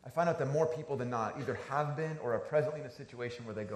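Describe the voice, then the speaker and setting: A man's voice: mid-range voice, very fast, hardly any pauses, reverberant. A man in his thirties, a pastor giving a conversational, storytelling sermon.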